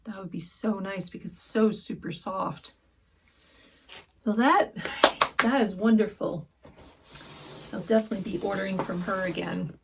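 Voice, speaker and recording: A woman vlogger chatting through a sewing haul, gushing softly and often dropping to a whisper over fabrics and books. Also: mid-range voice, moderate pace, gravelly, long pauses, slight background noise. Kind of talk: casual haul chat.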